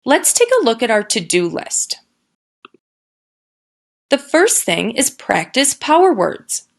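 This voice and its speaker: A kindergarten teacher, a woman, talks young children through a recorded lesson. She speaks slowly and patiently, her rather high voice rising and falling in a sing-song way as she sounds out words. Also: huge pitch swings, creaky.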